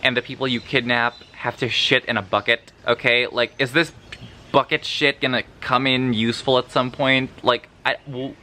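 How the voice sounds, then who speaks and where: A man's voice: medium pitch, normal speed, slight background noise. Sleepy, swearing male book vlogger. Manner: sleepy, profane, rambling and animated. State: sleep-deprived. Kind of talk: casual reading vlog.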